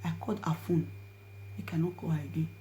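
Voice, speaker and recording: A woman with a Nigerian accent telling a personal story to her viewers, swinging between hushed asides and loud pleading. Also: deep voice, little pitch movement, quick pace. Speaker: vlogger. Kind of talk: storytelling to camera in Pidgin.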